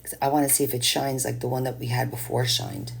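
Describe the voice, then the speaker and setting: A woman's voice: rumbling low, flat delivery, fast, creaky, noisy background. A woman chatting casually on a live stream as she paints, rambling and answering viewers' comments.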